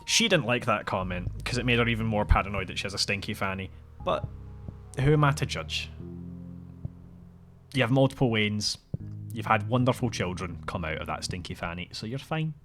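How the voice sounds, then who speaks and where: A man's voice: on the low side, lively intonation, normal speed, pauses often, a bit bright, soft background music. A man hosting his own podcast, telling rambling, profane, wry stories in a casual way. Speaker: podcast host. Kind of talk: casual solo storytelling.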